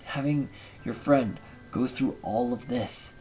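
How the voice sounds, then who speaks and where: A man hosts a let's play and reacts aloud to the game. He stretches his words out slowly and sounds moved. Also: medium pitch, over music, low-quality recording. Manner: emotional, drawn-out, slow reactions. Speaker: gaming channel host.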